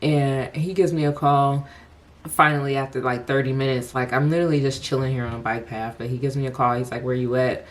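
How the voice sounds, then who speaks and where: A woman's voice: rumbling low, fairly even intonation, fairly quick. A young woman telling a personal story to the camera, casual and profane, breaking into laughter often.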